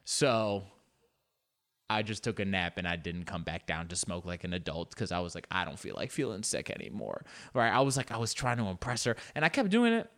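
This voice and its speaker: A man's voice: lowish voice, very animated, fairly quick, fairly bright tone. A man telling a loose, rambling comic story with many fillers and playful asides. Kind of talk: storytelling comedy monologue.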